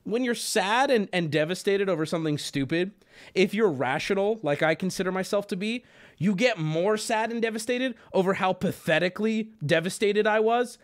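A man livestreaming from his home setup, telling his chat a story in an animated, profane, self-mocking rant. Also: high voice, normal speed.

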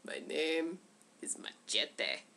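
A woman voicing a gruff, laconic male action hero in a slow, deadpan low growl. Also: exaggerated voice.

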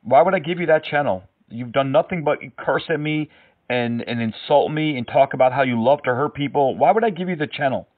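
A man's voice: mid-range voice, fairly quick. A man with a New Zealand accent making prank phone calls, taunting and mocking the people he reaches and laughing often. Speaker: prank caller. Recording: distant, phone-like sound.

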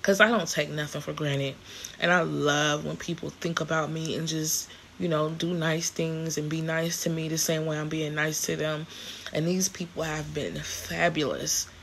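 A woman's voice: low voice, little pitch movement, moderate pace, creaky, fairly bright tone, a little hiss or hum. A woman, chatting casually to camera in a vlog, grateful and rambling with many restarts. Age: 40s. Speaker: vlogger.

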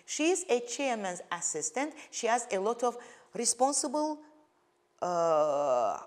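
A woman with an Azerbaijani accent teaching an English lesson, speaking slowly and deliberately, spelling out suffixes and pausing with frequent "uh"s. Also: a little high, very animated, a little mellow. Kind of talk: televised classroom lesson.

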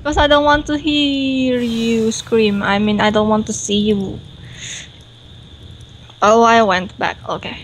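A woman playing as a guest gamer, calm, amused and teasing. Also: a little high, takes it slowly, long pauses, slight background noise, poor audio. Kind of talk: casual gaming chat.

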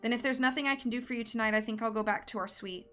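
A woman reading aloud, voicing a calm, steady young woman detective. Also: a little high, racing, faint music behind, lightly acted.

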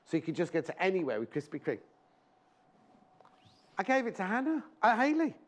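A man's voice: sits high, huge pitch swings, brisk. A man presenting a live shopping show in a TV studio, chatting in rambling anecdotes and speaking fondly to viewers.

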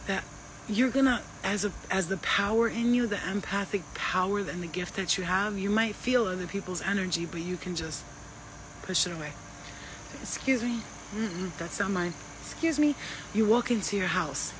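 A woman's voice: medium pitch, slight background noise, low-quality recording. A woman who works as a spiritual healer gives casual, emphatic advice full of slang and swearing. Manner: emphatic, profane, slangy and animated.

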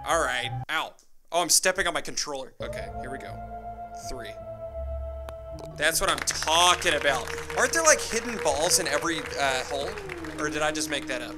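A young man giving casual, joking commentary on his own gameplay, excitable and talking to himself as he plays. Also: on the high side, normal speed. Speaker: gaming YouTuber. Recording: game music playing underneath.

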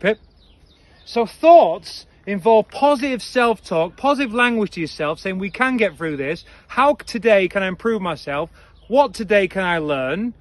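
A male head coach giving an upbeat, energetic coaching talk, quizzing listeners and calling them team. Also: sits high. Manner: energetic, playful.

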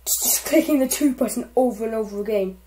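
A young woman giving casual, excitable commentary over gameplay and swearing constantly at her opponents. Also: on the high side, quick pace, slight background noise, low-quality recording. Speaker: gamer. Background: faint game music.

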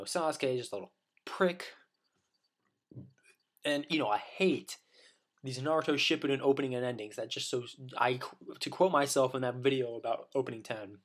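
A man delivering a rambling, profane opinion rant as a vlogger, full of restarts and blunt insults. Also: medium pitch.

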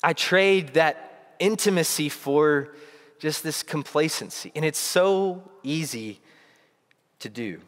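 A man's voice: on the high side, expressive, slow. A young man preaching a sermon to his church, earnest and reflective, often restarting his phrases. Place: church sanctuary. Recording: long reverb of a church hall.

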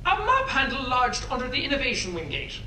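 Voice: sits high, huge pitch swings, brisk, bright, forceful tone, a little hiss or hum, exaggerated voice. A voice actor playing a nervous male factory worker, rambling through a story. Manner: nervous, rambling, swears mildly. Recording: echoey tape recording from a distance.

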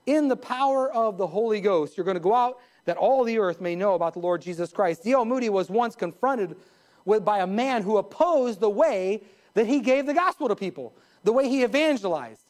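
A male pastor preaching a live sermon in a church, emphatic, with sudden rises and drops in pitch and pace and chuckles at his own jokes. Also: expressive, moderate pace, darkish tone. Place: church sanctuary.

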